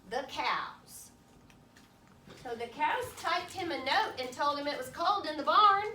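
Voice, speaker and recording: A woman teacher reading a picture book aloud to her class, patiently pausing to ask questions and explain words in simple terms. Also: high voice, pushed and bright, a little hiss or hum. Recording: echoey classroom from far off.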